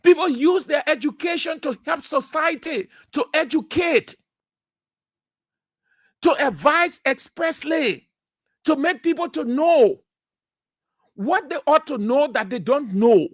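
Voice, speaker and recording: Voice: high voice, animated, slow pace, long pauses, dry recording, studio quality. A radio talk show host, giving opinionated commentary in a lecturing, emphatic way, repeating key phrases and asking rhetorical questions. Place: radio studio.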